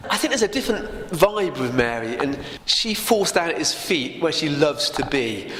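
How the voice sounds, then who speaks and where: At normal speed and with hardly any pauses, a man in a mid-range voice tells a Bible passage as a story, frequently drawing in listeners with tag questions. His recording sounds echoey, with long reverb and faint background noise.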